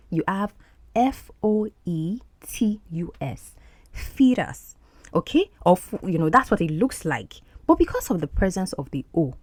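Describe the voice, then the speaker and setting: A woman hosting an English lesson podcast, breaking down words from film scenes. Her lower voice moves up and down in an animated way, and she repeats key words slowly so learners catch the sounds. The recording is dry and close. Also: no room sound. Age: adult. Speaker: podcast host and English teacher.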